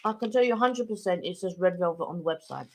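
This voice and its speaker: A woman's voice: lowish voice, lively intonation, fast, background noise. Woman, middle-aged, chatty, rambling, casual live-stream co-host. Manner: chatty, rambling, laughs easily. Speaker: channel co-host.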